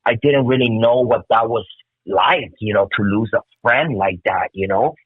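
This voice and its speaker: A man's voice: on the low side, normal speed, husky, no echo. A man in his fifties telling stories as an interview guest, emotional and profane, heard over a tinny phone-like line. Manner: emotional, profane, keeps saying "bro". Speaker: guest musician. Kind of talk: casual interview storytelling.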